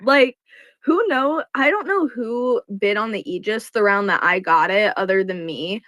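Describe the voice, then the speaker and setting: A woman talking in casual chat about an online game, emphatic and quick to swear. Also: medium pitch, no room sound. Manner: animated, emphatic, swearing, laughing. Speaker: online game player, co-host.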